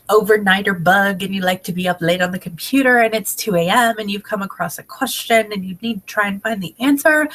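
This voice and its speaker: A woman's voice: medium pitch, a bit bright. A woman in her thirties giving a chatty, upbeat training talk on a webcam, her voice congested from a head cold. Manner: chatty and upbeat, many fillers. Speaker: direct sales team trainer. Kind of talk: casual training video. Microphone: webcam video call.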